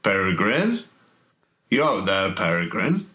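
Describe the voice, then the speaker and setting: A deep, coaxing voice calls out from somewhere in a maze, mocking and sly, rising high as it taunts. A man acts it out as the game master of a horror tabletop game. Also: very animated, measured pace, bright, forceful tone, exaggerated voice. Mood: calling out.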